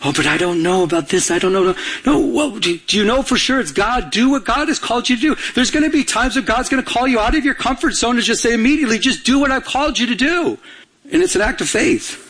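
A man's voice: sits high, a bit bright, slightly rough, rough recording. A man preaching a sermon as pastor, urging the congregation on, repeating words for emphasis and asking them to finish his lines. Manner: urgent preaching with call-and-response questions to the congregation.

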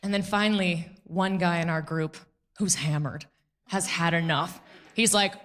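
A woman in her thirties performing a stand-up comedy set, telling stories with playful, animated delivery and mock voices. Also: mid-range voice, takes it slowly, pauses often. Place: comedy club stage.

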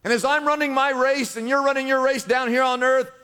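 A man's voice: very high voice, fairly even intonation, fairly quick, bright, forceful tone, clean tone, in a large hall. A man preaching a sermon as pastor, urging his congregation on with emphatic, repeated exhortations. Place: church in Los Angeles.

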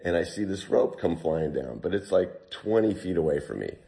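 Guy with a really low voice telling his survival story, acts out the yelling bits. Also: moderate pace, creaky. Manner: animated retelling, quotes himself and others. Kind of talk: casual storytelling interview.

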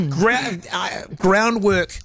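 High, lively New man joking. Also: a loud crowd. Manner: quick jokey interjections. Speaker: podcast co-host. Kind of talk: casual banter.

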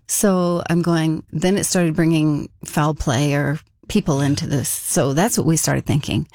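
Low-voiced woman telling a story. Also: darkish tone, no room sound, clean studio sound. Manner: conversational, frequent "kind of" and fillers. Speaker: interview guest. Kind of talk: casual personal storytelling.

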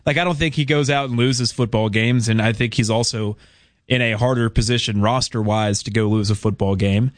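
A man's voice: mid-range voice, steady tone, fairly quick, no room sound. Man analyzing football on talk radio. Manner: thoughtful, conversational analysis. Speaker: radio co-host.

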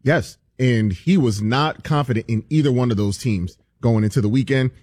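A man's voice: mid-range voice, moderate pace, darkish tone, no room sound, studio quality. A man co-hosting a sports talk show, amused and conversational.

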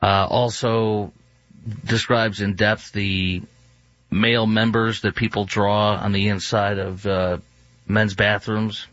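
A man's voice: fairly low pitch, level tone, takes it slowly, fairly bright tone, no echo. A male talk show host ranting in an indignant, opinionated monologue with many fillers and restarts. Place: studio in Dallas. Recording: dull, dry studio recording.

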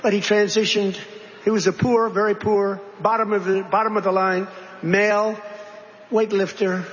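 A man's voice: high voice, level tone, normal speed. A man, a politician, giving a rambling, repetitive political speech to a crowd in a large hall. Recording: dull recording with long hall reverb.

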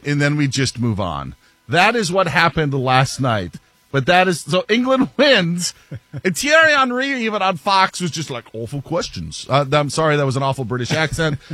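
A man's voice: on the high side, bright, forceful tone, dry recording. A man hosting a sports talk show, telling stories with a self-mocking streak and laughing often. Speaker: sports radio host. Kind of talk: casual talk show banter.

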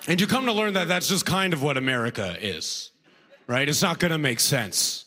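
A man doing stand-up comedy, animated, often laughing at his own jokes and slipping into voices. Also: medium pitch, moderate pace.

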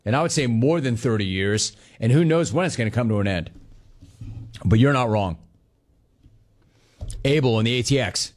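A man's voice: medium pitch, moderate pace, pauses often. Joking male sports talk host. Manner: animated, riffing and joking on viewer comments. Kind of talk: casual chat reading listener messages.

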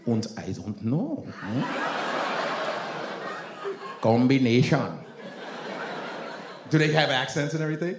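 A man doing stand-up crowd work at a comedy club, loud and profane, laughing as he talks. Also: mid-range voice, expressive, takes it slowly, pauses often, background noise. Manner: loud, profane, laughing, acts out parents' voices.

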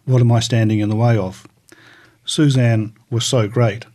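A man reading recollections aloud in a measured, scripted audiobook narration. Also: mid-range voice, fairly even intonation, mellow.

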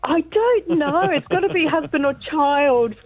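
A bubbly woman calls in to the radio, her very high voice coming through a dull, lo-fi phone line. She talks with excited, chatty warmth. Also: unhurried. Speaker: caller. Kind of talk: phone-in chat.

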